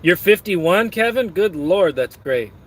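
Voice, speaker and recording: A man's voice: high-pitched, expressive, measured pace, a bit bright. A man streaming and reading his chat, rambling in a crude, joking way while snacking.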